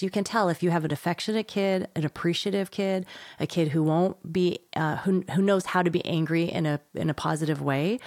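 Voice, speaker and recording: A woman's voice: low-pitched, darkish tone, no room sound, clean studio sound. A woman author, a guest in an interview, explaining parenting skills with energy, laughing often and acting out children's voices. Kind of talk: interview conversation.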